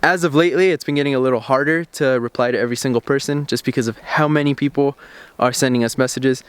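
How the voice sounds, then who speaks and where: This is a young car channel host talking fast at a medium pitch, his tone clean and free of room sound. Outdoors by some parked cars, he casually tells a story and acts out quoted lines in a laid-back, chatty way, picked up by a camera-mounted shotgun mic.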